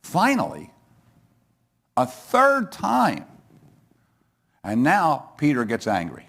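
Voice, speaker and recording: A male pastor telling a scripture story in a chatty, joking sermon style. His voice sits mid-range but swings widely in pitch as he builds each scene. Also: huge pitch swings, takes it slowly, creaky, long pauses, a bit bright, breathy edge. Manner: conversational storytelling with asides and humor.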